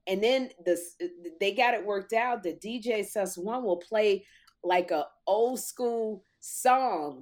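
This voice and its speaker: A woman comic telling a story in lively chat, acting out quotes in a loud voice. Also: mid-range voice, takes it slowly, slight background noise. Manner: animated, acts out quotes loudly. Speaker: talk show host and comic, guest.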